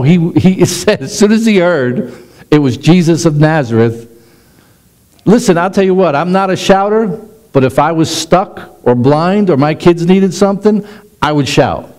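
Man preaching a sermon, middle-aged, slightly high pitch, slows for emphasis. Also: a little mellow, low-quality recording. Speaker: pastor.

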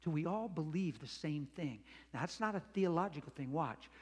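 A man preaching a sermon as a pastor, animated and acting out the voices he quotes, recorded in a church sanctuary. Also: fairly high pitch, normal speed, husky. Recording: echoey church hall reverb.

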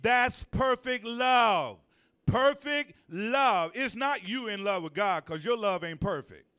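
High-pitched and smooth, with lively intonation and a pushed, bright quality, this man's voice carries a pastor's sermon in a church sanctuary. He prompts the congregation to respond and stretches important phrases for emphasis.

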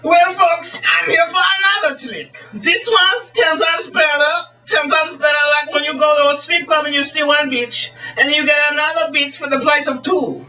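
A man putting on a high, excitable voice as a crude, goofy Swedish stage magician. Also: normal speed, few pauses, recorded from a distance, soft background music, heavily acted, low-quality recording. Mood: showy, crude.

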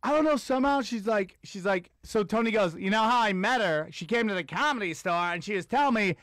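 A man co-hosting a podcast, telling a crude story in casual chat and acting out the quotes, sometimes shouting. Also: sits high, a little fast, no room sound, clean studio sound. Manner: animated, shouts and acts out quotes. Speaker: podcast co-host. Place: studio.

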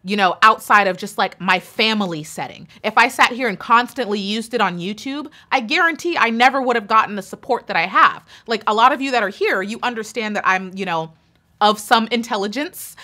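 A woman's voice: mid-range voice, sharp tone. An American woman talking straight to her channel's viewers in an emphatic, indignant opinion vlog, hammering her points home with repetition. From United States. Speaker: YouTuber.

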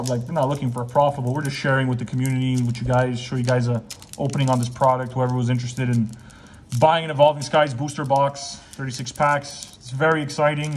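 A man's voice: medium pitch, slight background noise. A man hosting a casual card-opening chat with a friend, joking and teasing while calling out the cards. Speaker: channel host.

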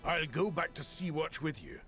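A man's voice: on the high side, sing-song, normal speed, sharp tone. An actor playing a sly, greedy male merchant with a dry, mocking way of talking, in a video game. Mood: sardonic. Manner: dry, mocking, self-serving. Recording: game audio with music under the lines.

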